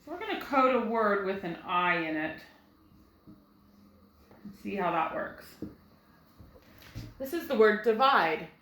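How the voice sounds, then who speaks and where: A woman's voice: mid-range voice, sing-song, unhurried, pauses often, a bit bright, reverberant, slight background noise, low-quality recording. A first grade teacher, a woman, giving a recorded phonics lesson, patiently sounding out words for young children.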